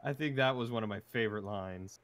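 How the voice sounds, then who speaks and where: A man chatting casually about a film he just watched while doing a jigsaw puzzle with a friend, recounting scenes in a relaxed way. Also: on the low side, fairly quick, no room sound. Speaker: co-host.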